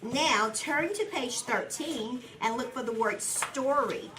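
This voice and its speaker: A woman teacher guides young children through a reading lesson in a classroom, patient and encouraging, pronouncing each word slowly and clearly. Her voice sits a little high. The recording is distant and echoey, with steady background noise.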